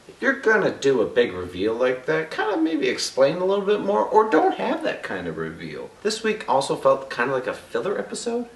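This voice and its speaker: Male vlogger reviewing a show, lively up-and-down delivery, recorded a bit off-mic in an echoey room. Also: medium pitch, far from the mic. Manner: animated, jokey and loose, with crude asides. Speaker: TV episode reviewer. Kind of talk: casual video review.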